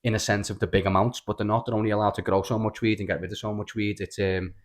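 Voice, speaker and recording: A man's voice: lowish voice, little pitch movement, fast. A Scouse man co-hosting a podcast, telling rambling, sweary stories with plenty of stammered restarts. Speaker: podcast co-host. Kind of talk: casual storytelling chat.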